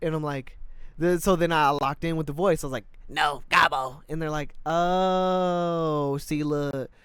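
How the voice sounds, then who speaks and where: A man's voice: a little high, fairly even intonation, fairly quick, clean tone, no echo. A man co-hosting a podcast, chatting casually in a slangy, rambling way and acting out the voices in his stories. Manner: rambling storyteller, slangy, acts out quoted voices. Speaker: podcast co-host.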